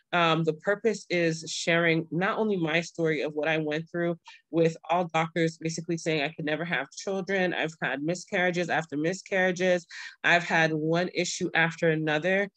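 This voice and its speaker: A woman's voice: low voice, steady tone, normal speed, a bit bright, dry recording. Young woman host, casual earnest livestream talk, dry close sound. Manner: earnest and pleading, then overjoyed. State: pregnant. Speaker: show host.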